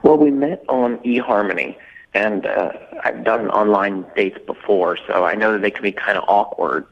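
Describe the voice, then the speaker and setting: Man, caller, hesitant, earnest, low gravelly voice, dull phone sound. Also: moderate pace. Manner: hesitant, many fillers, earnest. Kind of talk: telling a dating story on air.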